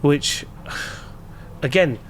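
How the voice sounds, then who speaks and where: A man with a London accent, a guest entrepreneur on a podcast, chatting casually and telling lively anecdotes with slang. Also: extremely slow, slight background noise. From England. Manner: animated storyteller, laughs while telling anecdotes, slangy.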